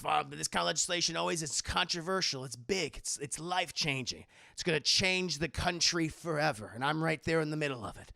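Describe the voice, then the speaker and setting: A man's voice: fairly high pitch, brisk, vocal fry, few pauses, pushed and bright, no echo, studio quality, voice pushed down. A man voicing a boastful, bigoted male politician who rants about locking people away. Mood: self-important. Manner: boastful, then ranting.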